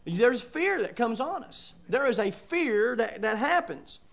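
High-voiced preacher. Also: male voice, very animated, a little slow, vocal fry, fairly bright tone. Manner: folksy, emphatic, with chuckles and asides. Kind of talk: sermon.

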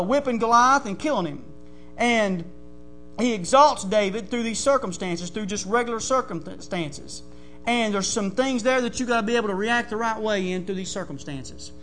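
A male pastor, preaching a folksy sermon that builds into shouting. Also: very high-pitched.

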